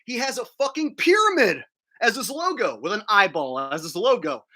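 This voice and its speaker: A man's voice: high-pitched, sing-song, normal speed, sharp tone. A man ranting crudely and combatively on a livestream, talking while eating. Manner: talks while chewing food. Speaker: streamer. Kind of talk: profane livestream rant.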